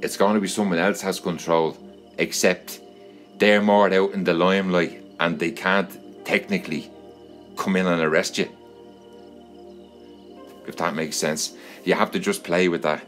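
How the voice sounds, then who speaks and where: Rambling Irish man with a low voice. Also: steady tone, a little slow, long pauses, a bit bright, soft background music. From Ireland. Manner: rambling, repetitive. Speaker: vlogger. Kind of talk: casual monologue to subscribers.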